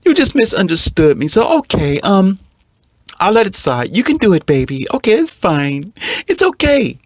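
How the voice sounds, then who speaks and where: A man's voice: sits high, big pitch swings, moderate pace, no room sound, pitched above the performer's own voice. A man voicing a timid pushover man who soothes and gives in to his partner. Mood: pleading. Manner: soft, whiny and placating.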